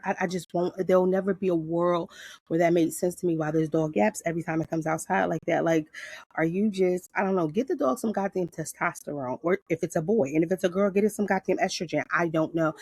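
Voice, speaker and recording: Low gravelly-voiced woman, blunt and profane. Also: no room sound, studio quality. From Paterson, New Jersey. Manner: blunt, profane, animated storytelling. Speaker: podcast host. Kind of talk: casual unscripted chat. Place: outdoors in her backyard garden.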